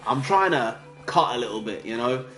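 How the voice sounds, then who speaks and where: A man's voice: mid-range voice, lively intonation, normal speed, fairly bright tone. A man chatting casually while streaming a game, rambling and self-deprecating, saying he is worn out. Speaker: gaming livestreamer. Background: game music.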